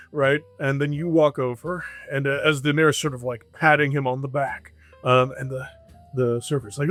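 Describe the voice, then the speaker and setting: A man narrating as game master in a halting, filler-heavy way. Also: medium pitch, level tone, fairly bright tone, faint music behind.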